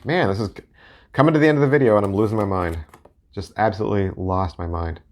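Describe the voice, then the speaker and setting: With a quick pace and a voice on the low side, a middle-aged man hosts a video about playing-card decks he collects. He wanders from point to point, joking and teasing himself along the way.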